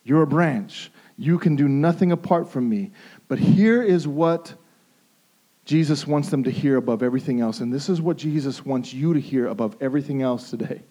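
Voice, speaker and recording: At normal speed and in a mid-range voice, a male pastor preaches an emphatic sermon. He repeats phrases for stress and shifts between hushed intensity and raised pleas.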